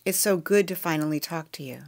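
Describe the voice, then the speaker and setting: A woman reading as a warm coaxing mother. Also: low voice, brisk, gravelly. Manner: coaxing, affectionate. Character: warm, eager, anxious middle-aged mother on the phone.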